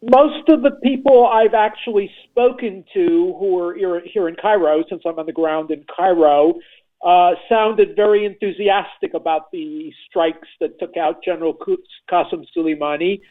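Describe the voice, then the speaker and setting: Man, correspondent on the phone, high voice, tinny phone line, measured, hiccups. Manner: measured, lists facts, frequent uh and restarts. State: has the hiccups. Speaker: foreign correspondent, phone guest. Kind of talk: phone-in news commentary. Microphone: telephone.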